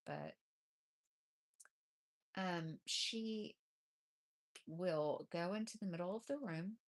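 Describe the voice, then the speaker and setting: Slow, gravelly woman chatting casually. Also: low-pitched. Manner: rambling, relaxed, with frequent fillers. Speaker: craft live streamer and cat fosterer. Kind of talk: casual live-stream chat.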